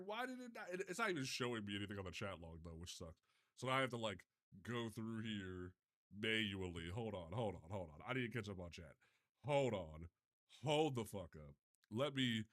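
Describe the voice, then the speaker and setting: Young guy streaming live, bright sharp voice, flustered, swears a lot, trips over his words. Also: fairly low pitch. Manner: flustered, swearing, restarts often. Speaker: livestreamer. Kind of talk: casual live stream chat.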